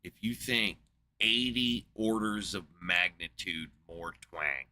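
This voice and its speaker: A man's voice: sits low, takes it slowly, pushed and bright, slight background noise. A man in a casual, rambling monologue, swearing a lot, incredulous and full of fillers. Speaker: podcast host. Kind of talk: casual profane rant.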